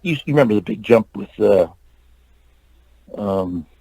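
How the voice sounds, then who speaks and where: An older man tells long, winding stories in a casual interview, restarting often and acting out what others said. His voice is gravelly and dark. The recording is dry and close. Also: lowish voice, animated, unhurried, no echo, poor audio. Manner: rambling anecdotes with restarts and acted-out quotes. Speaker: interview guest, actor and stuntman.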